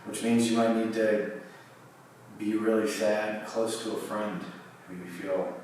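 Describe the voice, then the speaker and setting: A man teaching a guided yoga class, giving calm cues with long pauses between them. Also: lowish voice, a little hiss or hum. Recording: distant mic in a very echoey room.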